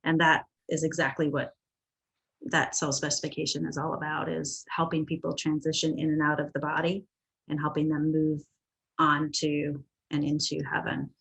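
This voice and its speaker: A woman hosting an interview, calm and affirming as she listens and asks questions. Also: deep voice, gravelly, slightly rough, low-quality recording. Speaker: podcast host. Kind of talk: casual interview.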